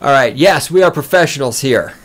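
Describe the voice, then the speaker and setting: A man hosting a podcast from a small studio, ranting loudly and boastfully with heavy swearing. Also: medium pitch, lively intonation, a little fast. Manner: loud, fired-up, profane and boastful. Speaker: podcast host. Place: small recording studio with a control room.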